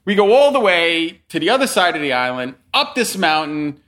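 A young adult man telling a story in casual chat, acting out quotes in lively voices. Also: normal speed. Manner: animated, acts out quotes with big pitch jumps.

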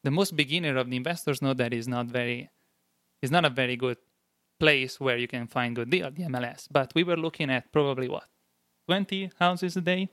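A man's voice: mid-range voice, a little fast, fairly bright tone, dry recording, clean studio sound. A man from Italy with an Italian accent, a guest in a casual interview, telling his story plainly and earnestly.

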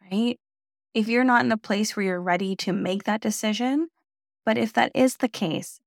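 A woman's voice: a little high, no echo, clean studio sound. A woman hosting a career podcast, giving encouraging advice alone and often checking in with "right?". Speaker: career coach podcast host. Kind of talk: solo podcast advice talk.

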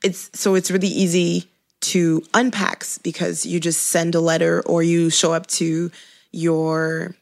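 A woman's voice: on the low side, level tone, measured pace, vocal fry. A woman whose English carries a shifting French accent, between Quebecois, Franco-Ontarian and Parisian, chatting casually, restarting often and laughing. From Canada. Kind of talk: casual chat.

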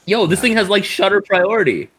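A man in a casual group chat, curious and excitable, firing off questions. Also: high voice, fairly quick, slight background noise.

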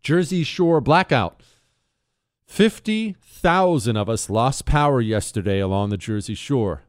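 A man hosting a talk show, talking in a brash, animated and sarcastic way, mixing an ad read with political talk. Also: medium pitch, unhurried, smooth, dry recording, clean studio sound.

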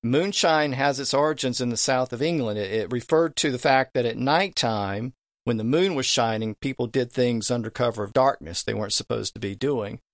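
A man's voice: medium pitch, moderate pace, no echo, studio quality. A middle-aged man explaining word history in conversation, spelling words out letter by letter in a lecturing way. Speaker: language history guest.

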